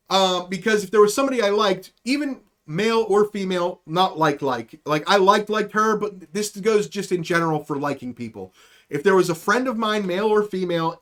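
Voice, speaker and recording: High-voiced, rambling comedic man. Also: fairly bright tone. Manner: rambling, profane, self-deprecating. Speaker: podcast host. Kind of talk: comedic storytelling on a livestream.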